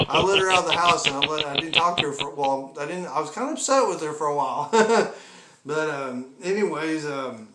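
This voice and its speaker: A man's voice: on the high side, expressive, fairly quick, a crowd in the background. A man telling comic stories about his pets in a rambling, chuckling way, with exaggerated asides. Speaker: comedy vlogger. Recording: echoey room with background noise.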